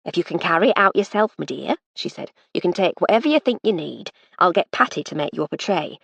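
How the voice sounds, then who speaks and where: A woman's voice: on the low side, expressive, fast talker, gravelly, breathy edge, full character voice. A woman voicing a motherly, bustling older cook who talks in folksy, ungrammatical working-class speech in an audiobook. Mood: fussing.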